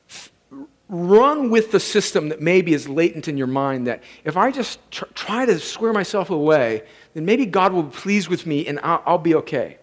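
A man's voice: fairly high pitch, lively intonation, moderate pace. Intense man preaching a sermon. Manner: intense, building to impassioned shouting. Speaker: pastor.

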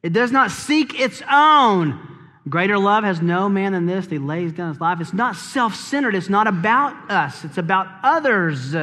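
Male pastor, high and bright, conversational sermon with humor, recorded with long church-hall reverb. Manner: lively, conversational preaching with humor and rhetorical questions. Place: church sanctuary.

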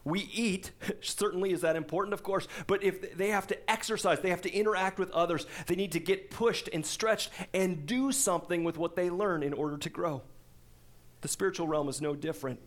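A pastor in his forties preaching a sermon in a relaxed, conversational way, breaking off for asides and rhetorical questions. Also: sits high, a little fast.

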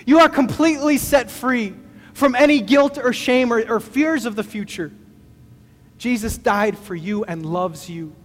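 A middle-aged male pastor delivers a sermon with a very high voice. He talks in an easygoing, conversational way and pokes fun at himself. His voice rings with the long reverb of a large hall. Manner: conversational storytelling with self-deprecating humor.

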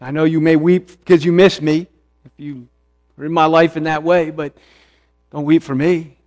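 Earnest high-voiced male preacher. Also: level tone, darkish tone. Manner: earnest, with emphatic repetition and slow stressed phrases. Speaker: pastor. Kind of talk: sermon.

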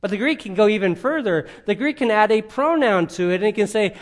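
Male preacher, emphatic, conversational, fairly high voice. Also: lively intonation, a little fast, hardly any pauses. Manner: emphatic, conversational teaching with rhetorical questions. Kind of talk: sermon.

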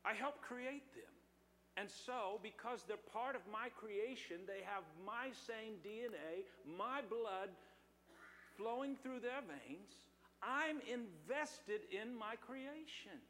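A man's voice: high voice, animated, slow pace, a bit bright, big-room sound, a little hiss or hum. A middle-aged male pastor preaching a sermon in church, talking with his congregation and drawing answers from them. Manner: preaching with call-and-response to congregation. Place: church sanctuary.

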